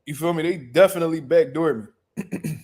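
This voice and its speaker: A young man hosting a boxing show, chatting in loud, profane, joking banter and often laughing. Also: a little high, moderate pace. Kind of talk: casual chat reacting to live chat.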